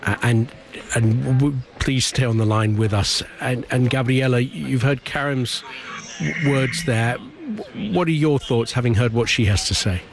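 A man interviewing guests in a broadcast speaks in a mid-range voice. He is gentle and a little stumbling as he asks his questions. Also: medium pitch, measured pace, creaky, background noise.

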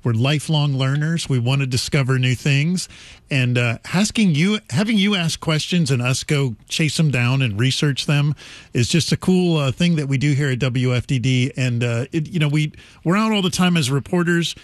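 A man, a public radio station manager, making a relaxed conversational fund drive appeal in a studio. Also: mid-range voice, moderate pace, no echo. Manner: relaxed, conversational, with filler words. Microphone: studio microphone.

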